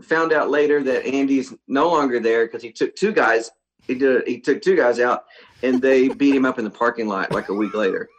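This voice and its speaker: Guy telling a funny story, acts out the voices, middle pitch. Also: normal speed, dull audio. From Texas. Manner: animated storyteller, acts out voices of people in his stories. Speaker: guest musician. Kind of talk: casual storytelling.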